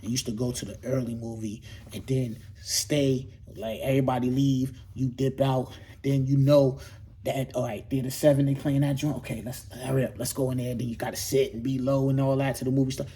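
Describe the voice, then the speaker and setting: A man's voice: medium pitch, flat delivery, a little fast, dark tone, husky. A middle-aged man hosting his own show, talking casually and animatedly, with lots of slang, rhetorical questions and repetition. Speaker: host. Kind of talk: casual monologue to camera.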